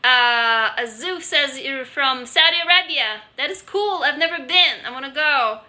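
Bright, high-voiced woman. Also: animated, a little slow. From Russia. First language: Russian. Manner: candid, chatty, frequent restarts and swearing. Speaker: livestreamer. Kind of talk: casual live-stream chat reading viewer comments. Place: home office, sitting on a couch. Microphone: handheld phone.

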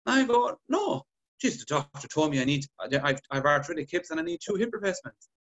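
Animated man telling stories. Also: fairly high pitch, fast, highs cut off. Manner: animated storytelling, acts out patient dialogue. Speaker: podcast guest clinician. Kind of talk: casual podcast chat.

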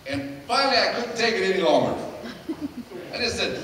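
A middle-aged man, a pastor, preaching in a lively, joking way and acting out the people in his stories. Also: extremely high pitch, brisk. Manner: animated, jokey storyteller acting out quotes. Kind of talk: sermon with storytelling. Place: church hall. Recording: echoey hall, distant mic, noisy.

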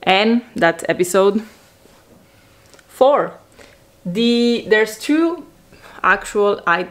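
A woman with a slightly low voice rambles through a chatty recap vlog. She talks in an excitable, unpolished way, scattering "like" through every sentence. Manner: rambling, excitable, heavy use of "like" fillers. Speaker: vlogger recapping a TV series.

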